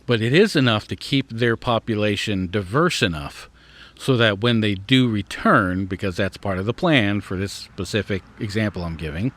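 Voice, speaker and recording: A man's voice: lowish voice, moderate pace, fairly bright tone. A man reading an article aloud and adding his own thoughts, sometimes stumbling over hard words. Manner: reads aloud, then breaks off to muse and stumble over words. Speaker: podcast host.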